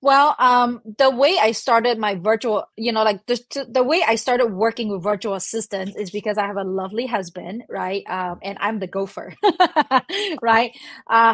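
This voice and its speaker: A woman's voice: a little high, normal speed, no room sound. Woman guest, chatty, fillers, dry close mic. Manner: chatty, many "you know" and "right?", laughs often. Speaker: guest, delegation expert. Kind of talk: conversational interview.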